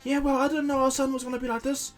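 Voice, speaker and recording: Man doing a shrill scolding mother. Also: flat delivery, fast, faint music behind. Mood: defensive. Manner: scolding, high falsetto. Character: nagging angry mother, shrill woman.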